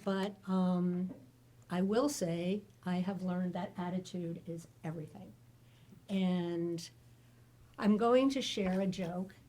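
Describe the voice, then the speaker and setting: A middle-aged American woman on a public panel candidly shares her caregiving experience, joking along the way. Her fairly low voice is steady and dark in tone, and she takes it slowly.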